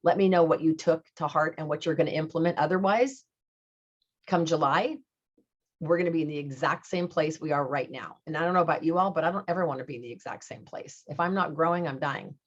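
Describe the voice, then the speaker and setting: A woman's voice: low-pitched, a little fast. A middle-aged woman leading her sales team with a motivational talk, upbeat and coaching, and she repeats key phrases for emphasis. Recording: dull lo-fi recording.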